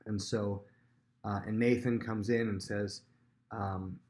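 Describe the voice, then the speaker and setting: A man teaching a casual Bible lesson, retelling the story in a chatty way with lots of fillers and quick acted-out quotes. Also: fairly low pitch, level tone, darkish tone. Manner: chatty, many fillers, acts out quotes in voices.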